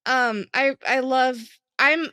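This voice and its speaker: A young woman co-hosts a casual podcast, chatty and teasing. Her voice sits a little high and is recorded dry and close. She laughs often as she talks. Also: slow, pushed and bright, clean tone, dry recording. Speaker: podcast co-host. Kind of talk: casual chat.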